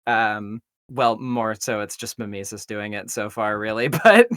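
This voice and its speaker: A man hosting a charity livestream, talking in a rambling, hesitant way with many pauses. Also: fairly low pitch, lively intonation, a bit bright, dry recording. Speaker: stream host, voice actor of the project. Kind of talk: casual chat on a charity livestream.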